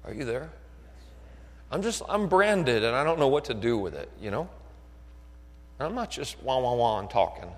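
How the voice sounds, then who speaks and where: A man's voice: mid-range voice, sing-song, moderate pace, pauses often, a little hiss or hum. A man preaching a sermon who keeps asking his listeners whether they are still with him. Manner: builds from quiet talk to shouted fervor. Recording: long echo of a hall.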